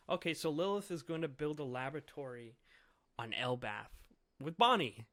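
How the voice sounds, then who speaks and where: A man's voice: fairly high pitch, lively intonation, normal speed, fairly bright tone, dry recording. Give me a man casually reviewing a comic chapter, chuckling as he goes, with a dry close sound. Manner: chuckles often, trails off and restarts. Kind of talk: casual reading and commentary.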